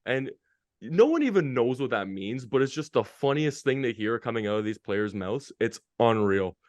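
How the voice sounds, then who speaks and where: A man telling stories as a guest on a casual podcast, energetic and full of slang. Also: mid-range voice, normal speed, no room sound. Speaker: guest, hockey media interviewer.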